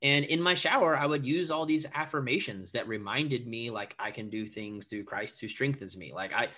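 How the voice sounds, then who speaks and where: Bright-voiced animated man. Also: mid-range voice, normal speed. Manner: animated, lots of filler words, acts out quotes. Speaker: podcast guest. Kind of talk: casual podcast talk.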